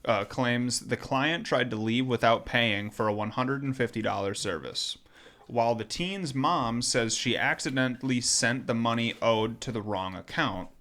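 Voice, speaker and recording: A man's voice: mid-range voice, normal speed, a bit bright. A man co-hosting a casual talk show, reading a news article aloud with many ums and joking asides. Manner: reads with many ums, stops to joke. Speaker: podcast co-host.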